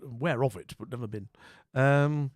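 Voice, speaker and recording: A man's voice: mid-range voice, moderate pace, dry recording. A man streaming live, talking casually and rambling as he thinks aloud and greets his viewers. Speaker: streamer playing a geography guessing game.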